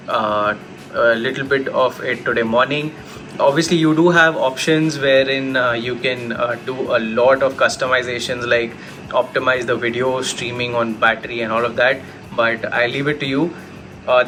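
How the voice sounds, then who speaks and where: A man's voice: mid-range voice, pushed and bright, a little hiss or hum. A man giving a casual laptop review and talking straight to his viewers. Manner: chatty, talks straight to viewers. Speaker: tech YouTuber.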